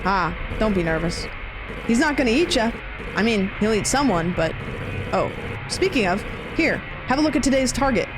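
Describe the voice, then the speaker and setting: A woman's voice: fairly high pitch, expressive, moderate pace, music in the background, close to an everyday voice, poor audio. A woman reading a game's dialogue aloud, voicing an easygoing, cheerful man in a van with a breezy, upbeat delivery.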